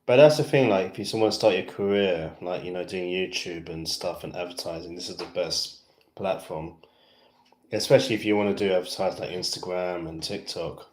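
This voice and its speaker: Speaking briskly in a low voice, this British-accented man from West London, England, rambles to his livestream fans. He's chatty and self-amused, full of fillers. The sound is reverberant.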